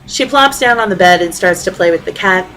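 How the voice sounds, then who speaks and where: A middle-aged woman reading her own personal essay aloud, with a wry, deadpan storytelling manner. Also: on the low side, brisk, slight background noise, low-quality recording.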